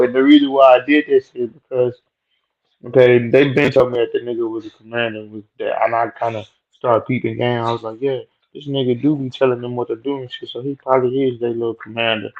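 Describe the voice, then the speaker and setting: Over dull, lo-fi audio, a young man with a creaky, medium-pitched voice vlogs a casual monologue about a workplace run-in. The story is rambling, slangy and profane.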